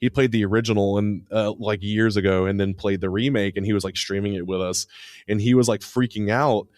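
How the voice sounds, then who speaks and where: Low guy on a podcast, dry sound, tells stories all excited, says like a lot. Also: brisk, no room sound. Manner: excitable storyteller, lots of fillers. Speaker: podcast co-host. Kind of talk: casual chat.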